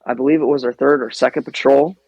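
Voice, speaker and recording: A man's voice: mid-range voice, fairly even intonation, fast talker, creaky, darkish tone, slightly rough, no echo, dull audio. Earnest man rambling on a dry mic. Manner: earnest, profane, digressive. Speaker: podcast host. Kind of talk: casual chat.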